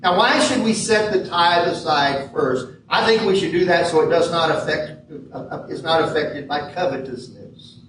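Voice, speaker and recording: High-voiced pastor preaching in an echoey church. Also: male voice, a bit bright, slight background noise. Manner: measured preaching with emphatic stresses. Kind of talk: sermon. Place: church sanctuary. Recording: echoey hall from far off.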